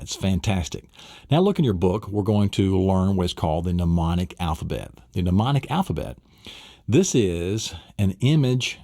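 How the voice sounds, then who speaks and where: Instructor, male low-pitched, lively storyteller, bursts of sound effects, dry close mic. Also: creaky, no echo. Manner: animated storyteller, adds sound effects and asks rhetorical questions. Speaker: memory-training instructor. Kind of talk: recorded seminar lesson.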